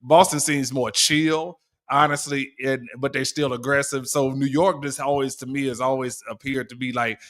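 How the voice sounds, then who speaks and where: A man's voice: medium pitch, steady tone, moderate pace, fairly bright tone. A man co-hosting a podcast in casual chat, laughing often and playfully mimicking voices. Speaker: podcast co-host.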